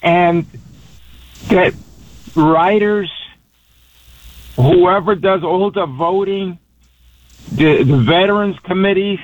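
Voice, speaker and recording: A man's voice: high-pitched, takes it slowly, pauses often, dry recording. A middle-aged man from Puerto Rico speaking as a radio guest, passionate and rambling, with many restarts. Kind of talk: emotional phone interview. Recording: tinny phone line.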